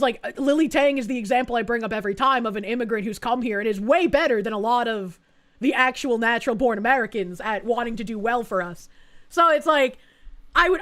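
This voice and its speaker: A woman's voice: a little high, fairly bright tone. A woman hosting a live stream, chatting bluntly and crudely while thanking donors. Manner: blunt, crude, reads donations aloud. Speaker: streamer host. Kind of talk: casual chat.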